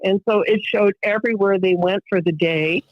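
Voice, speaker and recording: A woman's voice: medium pitch, normal speed, dry recording, highs cut off. Middle-aged woman recounting a painful story. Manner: vivid storytelling, acting out what others said. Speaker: interview guest. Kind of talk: emotional personal account.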